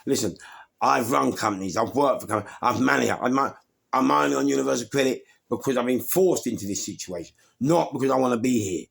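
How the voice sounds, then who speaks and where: A middle-aged man with a London accent spins a story in a husky, gravelly voice. His pitch swings widely as he acts out the other people in it. He swears freely as he goes. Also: expressive, a little fast, a bit bright. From England. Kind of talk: animated storytelling to camera.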